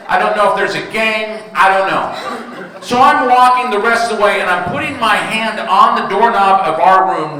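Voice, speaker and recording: A man's voice: high-pitched, pushed and bright. A man in his fifties doing stand-up comedy, telling stories about home life and talking with the audience. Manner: storytelling, crowd work with audience. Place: large hall with audience. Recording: echoey hall from far off.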